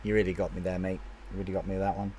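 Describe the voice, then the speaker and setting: A chatty male game streamer with a fairly low voice talks loosely to his viewers. He answers their comments one by one and often stops and restarts mid-sentence. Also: level tone, very fast, dark tone, slight background noise. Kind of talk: casual live-stream chat with viewers.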